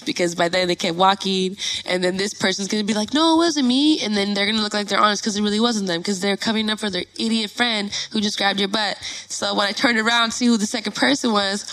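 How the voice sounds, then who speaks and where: A young woman from Los Angeles, a musician telling a story in a casual interview, animated and profane, loudly acting out what people said. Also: medium pitch, fast, few pauses, poor audio. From Northeast Los Angeles. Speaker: musician guest.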